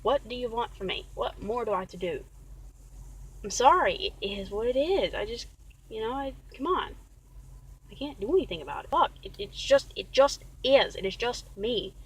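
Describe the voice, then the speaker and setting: A woman's voice: a little high, expressive, normal speed, breathy edge, low-quality recording. A woman venting in a casual vlog rant, rambling and exasperated, often repeating herself. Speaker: vlogger.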